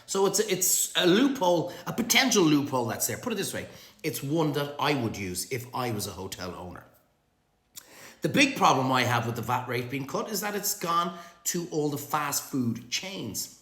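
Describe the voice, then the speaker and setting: An Irish restaurant owner talking straight to camera in a blunt, sweary opinion vlog, sick with flu and clearing his throat. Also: mid-range voice, big pitch swings, moderate pace, a bit bright, roomy sound.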